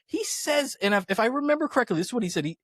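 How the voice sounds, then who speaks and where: A man's voice: very high-pitched, big pitch swings, racing, a bit bright, no echo, studio quality. A young adult man hosting a podcast, chatting casually and animatedly about a movie, often laughing as he retells scenes. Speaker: podcast host. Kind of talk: casual movie review chat.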